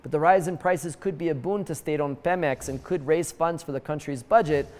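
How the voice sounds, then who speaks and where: A man's voice: on the high side, a little mellow, big-room sound. A man hosting a comedic news show, reading the stories with wry, jokey asides. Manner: wry, jokey asides with quick put-on voices.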